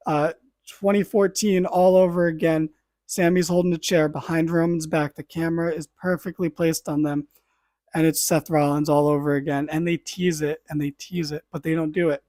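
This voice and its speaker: A man's voice: a little high, dry recording. Man animatedly recapping, dry close sound. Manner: animated play-by-play retelling with asides and swearing. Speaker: podcast host. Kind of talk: casual wrestling recap.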